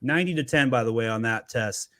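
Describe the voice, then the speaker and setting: A man who runs an agency gives energetic, emphatic selling advice in a webinar conversation, often repeating words as he starts. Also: mid-range voice, quick pace, no echo, studio quality. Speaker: agency founder sharing Amazon selling advice.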